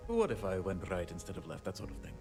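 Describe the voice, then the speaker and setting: With a deep voice whose pitch swoops wildly, a man speaks quickly as a weary handyman in a video game. He's self-deprecating, chatty and sorry-sounding, laughing lightly in a rueful mood against game music.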